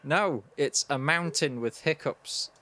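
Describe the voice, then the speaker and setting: A man hosting a casual comedy chat, delivering cracker jokes in a dry, deadpan way. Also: a little high, takes it slowly.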